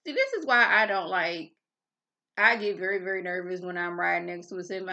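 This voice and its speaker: A reality TV recap vlogger in her thirties chats casually about an episode, drifting into tangents, a little irritable since she hasn't had coffee yet. Her fairly low voice is animated, slightly fast, bright, and forceful, captured in dull lo-fi sound.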